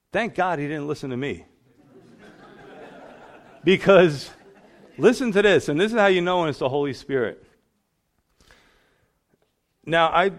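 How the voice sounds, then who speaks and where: A man, a pastor giving a sermon testimony, telling his story and acting out the voices in it. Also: mid-range voice. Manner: storytelling, acts out voices in quotes.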